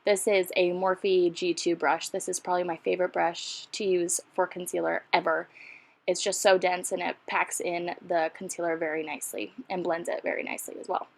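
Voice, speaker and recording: A woman's voice: on the low side, little pitch movement, moderate pace, vocal fry. A woman narrating a casual makeup tutorial in a chatty, self-deprecating way, full of rambling asides. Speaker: beauty vlogger.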